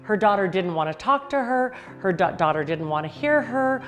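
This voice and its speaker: A woman life coach giving a motivational talk, telling a client's story earnestly with emphatic pauses. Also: mid-range voice, lively intonation, fairly bright tone, soft background music.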